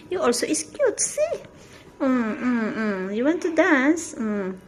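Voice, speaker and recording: A Filipino-accented woman croons to her pets in a high, swooping voice. She talks very slowly in sing-song baby talk, filling the pauses with soft hums. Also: lively intonation. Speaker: pet owner vlogger.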